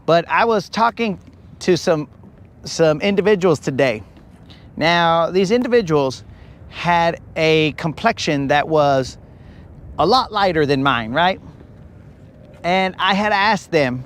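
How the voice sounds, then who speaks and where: Animated high-voiced man, calls everyone bro. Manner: breaks into high whooping yells. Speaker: fishing livestreamer. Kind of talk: casual live-stream chat.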